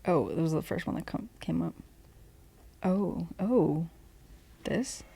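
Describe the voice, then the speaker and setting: A woman's voice: fairly low pitch, takes it slowly, gravelly, dark tone, slightly rough. A woman co-hosting a podcast, mostly reacting with short remarks and questions in casual chat. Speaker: podcast co-host.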